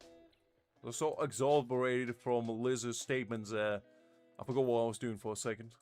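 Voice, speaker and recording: A man's voice: medium pitch, steady tone, normal speed, a little mellow, faint music behind. Playful teasing male game streamer. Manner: playful, mock-exasperated teasing. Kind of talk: casual live-stream banter.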